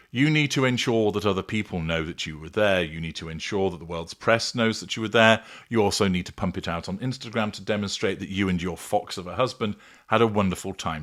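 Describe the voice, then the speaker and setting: A man's voice: low-pitched, a bit bright. A man hosting a monologue commentary, speaking in a sardonic, contemptuous, mocking manner. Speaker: commentator host.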